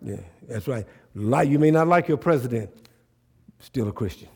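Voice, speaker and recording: A man preaching a sermon, calling out to the congregation and swinging between hushed asides and loud bursts. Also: medium pitch, animated, normal speed, gravelly, breathy edge.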